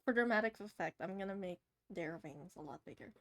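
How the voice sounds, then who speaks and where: A woman's voice: mid-range voice, animated, a little fast. A young woman with a slightly nasal voice, chatting casually with her live-stream chat while drawing a commission and laughing often.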